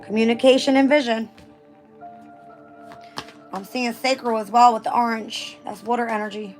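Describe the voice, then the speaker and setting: A woman with a hoarse, fading voice giving a casual tarot reading, reading passages aloud and then riffing off them with the odd swear word. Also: on the high side, fairly even intonation, moderate pace, a little mellow, soft background music. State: hoarse, losing her voice. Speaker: tarot reader.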